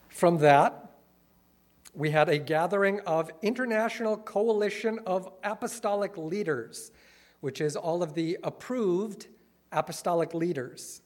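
Man, earnest lecturer, mid-high voice, wry asides. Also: measured pace. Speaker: speaker critiquing a church movement. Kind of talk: lecture-style talk, reading quotes.

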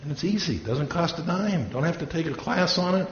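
A man's voice: on the high side, animated, brisk. Man preaching a story-filled sermon. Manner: storytelling, acts out quoted voices. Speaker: pastor. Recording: echoey room, dull lo-fi sound, faint hiss.

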